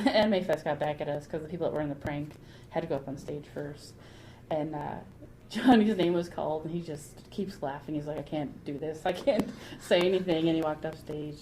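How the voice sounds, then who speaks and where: A woman telling lively rambling anecdotes in a casual podcast interview, laughing often. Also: low voice, rough recording. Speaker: guest artist. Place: anime convention. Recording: convention crowd noise behind.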